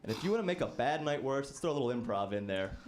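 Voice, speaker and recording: A man's voice: mid-range voice, lively intonation, rapid-fire, a little hiss or hum. A man in his twenties doing a stand-up comedy set, telling rambling, self-deprecating stories. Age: 20s.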